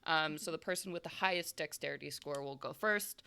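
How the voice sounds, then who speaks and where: A woman with a bright, forward tone and a gravelly edge on her words runs a tabletop game. She talks in a chatty, explanatory way, full of fillers as she works through the rules. Her voice sits a little low for a woman. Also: brisk. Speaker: game master.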